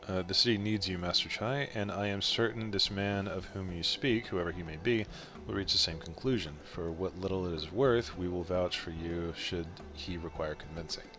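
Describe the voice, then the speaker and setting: A man voicing a courteous fantasy adventurer, reading old-fashioned, courtly game dialogue aloud in a calm, steady way. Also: low-pitched, moderate pace, over music, natural voice. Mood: polite.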